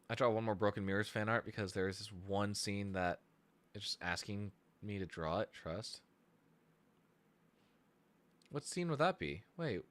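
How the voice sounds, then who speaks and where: Rambling low-voiced man streaming. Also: a bit bright. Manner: rambling, self-deprecating, thinks aloud while searching. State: sleep deprived. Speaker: streamer and musician. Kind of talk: casual live stream chat.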